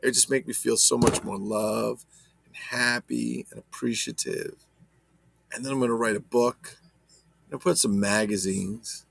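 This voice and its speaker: A man's voice: lowish voice, lively intonation, unhurried, vocal fry, slight background noise. A man casually chatting about his toy collection, rambling and swearing as he talks to viewers. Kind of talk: casual unboxing chat.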